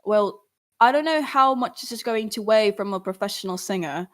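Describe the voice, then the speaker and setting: Young woman chatting on a livestream, earnest and encouraging, voice jumps up when she gets animated. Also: mid-range voice, moderate pace. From Philippines. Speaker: singer and artist answering fans. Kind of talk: casual livestream chat.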